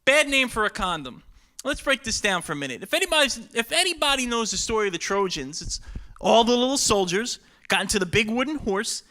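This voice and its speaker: A stand-up comedian from Brooklyn, performing an animated set that slips into quick character voices. He has a high voice with a very bright, forceful edge. He also banters casually as an interview guest. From Brooklyn, New York. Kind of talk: stand-up routine, then casual interview chat.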